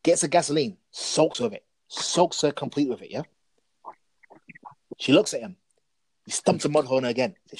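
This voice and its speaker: A man talking casually about wrestling as a podcast co-host, telling stories in an animated, excitable way. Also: mid-range voice, moderate pace, long pauses, breathy edge, no echo, poor audio.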